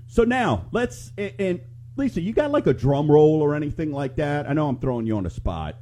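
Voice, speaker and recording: A man's voice: fairly high pitch, very animated, brisk, warm tone. A middle-aged man hosting a live talk radio show, chatting and telling rambling stories to listeners. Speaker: radio show host and mortgage lender.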